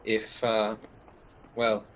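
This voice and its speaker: A man's voice: lowish voice, monotone, very slow, a bit bright, slight background noise, low-quality recording. A man playing a tabletop game, talking in character in a formal, hesitant way with many restarts. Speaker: player. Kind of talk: in-character tabletop role-play.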